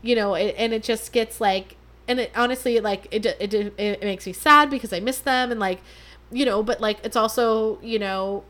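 A woman's voice: a little high, moderate pace, a bit bright. A young woman hosting her own podcast, chatting casually and mocking herself, with lots of fillers. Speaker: podcast host. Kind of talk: casual solo podcast chat.

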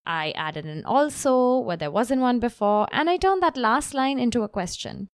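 A woman's voice: fairly high pitch, animated, normal speed, smooth, dry recording, studio quality. A woman copy coach teaching writing tips in a spoken lesson, reading example copy aloud with expression. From grew up in Bombay, India. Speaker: copy coach and podcast host.

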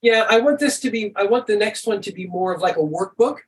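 A middle-aged man chatting as a podcast guest, relaxed and rambling, with lots of "and stuff". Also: high voice, a little fast. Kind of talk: casual conversation.

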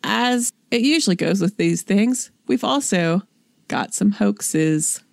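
A young adult woman co-hosting a casual chat podcast, reading notes aloud in a matter-of-fact way and slowing down on names. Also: mid-range voice, expressive, creaky, no room sound. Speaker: podcast co-host.

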